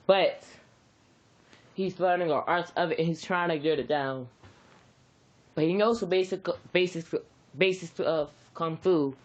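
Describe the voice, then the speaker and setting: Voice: medium pitch, lo-fi sound. A storyteller improvising a fan-fiction story in a rambling, casual way, repeating words and using slang.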